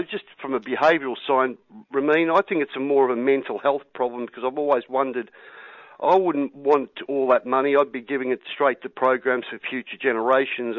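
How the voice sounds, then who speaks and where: A man's voice: medium pitch, no room sound, narrow, tinny audio. An Australian man calling in to a radio show, earnest and rambling, often saying mate. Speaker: caller. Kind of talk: call-in radio talk.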